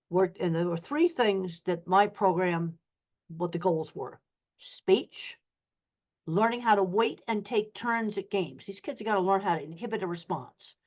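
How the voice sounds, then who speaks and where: An older woman, a professor of animal science appearing as a guest speaker, gives a lecture-style talk over a video call. Her voice sits on the low side and sounds a little mellow, with the highs cut off. She speaks directly and plainly, using blunt practical examples.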